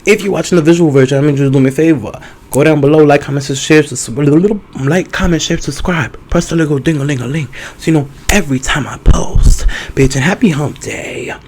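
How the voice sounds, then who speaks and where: Loud, playful male podcast host, slightly high voice. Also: fairly quick, slight background noise. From New York. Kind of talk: casual chat.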